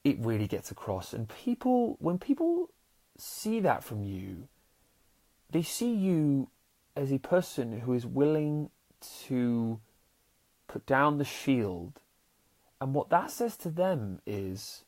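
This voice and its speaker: A man hosting a casual motivational podcast as a happiness coach. He talks earnestly and restarts often, swinging between loud bursts and soft, sincere stretches. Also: medium pitch, sing-song, slow. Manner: swears casually and addresses listeners as warriors.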